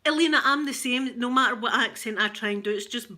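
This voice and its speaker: Glaswegian woman, 40s, live-stream host; bright, chatty, jokey. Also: on the high side, quick pace. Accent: Glaswegian Scottish. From Scotland. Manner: chatty and joking, with bursts of laughter. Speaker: livestream host chatting with viewers. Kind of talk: casual live-stream chat.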